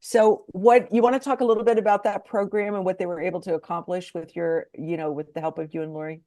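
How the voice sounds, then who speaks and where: A woman hosting an interview who asks questions and answers her guest with warm affirmations. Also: fairly low pitch, steady tone, quick pace. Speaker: interviewer, host.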